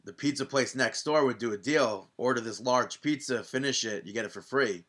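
A podcast co-host with a medium-pitched voice chats casually about wrestling at a normal speed. He's an animated storyteller who acts out quoted voices with lively energy.

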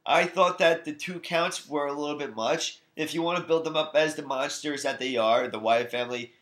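A man's voice: on the high side, moderate pace, fairly bright tone. A man co-hosting a casual wrestling podcast in an easygoing way, with plenty of ums and uhs. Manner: easygoing, many fillers, laughs at jokes. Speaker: podcast co-host. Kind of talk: casual chat about wrestling.

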